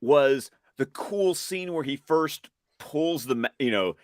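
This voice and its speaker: A man's voice: on the high side, animated, slow pace, no room sound, clean studio sound. A man from the Southern United States, a guest in a casual film chat, telling stories with theatrical animation. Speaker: guest co-host.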